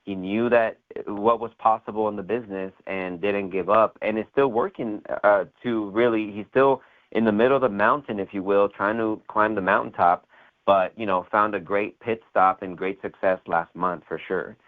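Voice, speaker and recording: A man's voice: on the low side, steady tone, moderate pace. A man hosting a motivational sales call interview, talking in rambling bursts with many fillers and "right?" tags. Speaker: host. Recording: tinny phone line.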